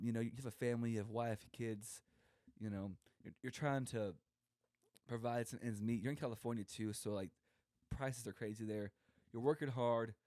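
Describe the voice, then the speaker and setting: A young man co-hosting a podcast, rambling through a comic story and slipping into quoted voices as he goes. His voice is mellow and warm, recorded dry and close. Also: medium pitch, no echo. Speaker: podcast co-host. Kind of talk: casual comedic monologue.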